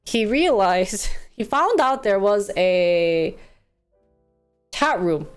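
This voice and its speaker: A woman's voice: medium pitch, very animated, extremely slow, clear, resonant tone, soft background music. A woman hosting a talk show, telling a story casually with lots of fillers and acted-out quotes. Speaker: host.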